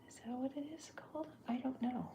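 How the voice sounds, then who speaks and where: Soft-spoken older woman, gravelly whisper. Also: high-pitched, slight background noise. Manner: halting, thinks aloud while drawing. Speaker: artist. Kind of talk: whispered role-play.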